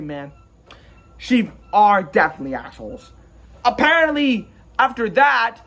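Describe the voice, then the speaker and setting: A man's voice: sits high, a bit bright. A man giving a casual, rambling and jokey recap of a film as a reviewer. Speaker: movie reviewer.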